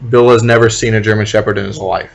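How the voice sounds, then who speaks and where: A man's voice: on the low side, level tone, fast, creaky. Hesitant, blunt male podcast co-host. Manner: hesitant, many ums, blunt and critical. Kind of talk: casual chat.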